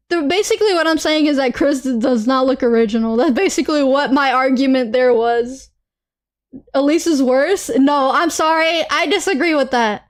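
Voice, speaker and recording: Young woman streamer, very high voice, worked-up rant, repeats herself. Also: normal speed. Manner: animated, ranting and repeating herself, with laughs and apologies. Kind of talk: casual live-stream rant.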